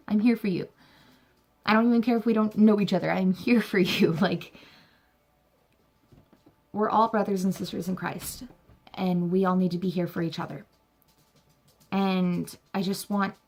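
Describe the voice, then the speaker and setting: A woman's voice: mid-range voice, creaky, darkish tone. A young woman talking earnestly to camera, sharing a personal story and encouraging her viewers with faith-filled words. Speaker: vlogger. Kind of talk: heartfelt personal talk to camera.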